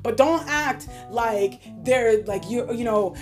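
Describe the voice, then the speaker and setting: A woman's voice: fairly high pitch, slow, soft background music. A woman co-hosting a casual podcast, ranting heatedly and swearing freely. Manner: profane, heated ranting with frequent laughter. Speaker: podcast co-host.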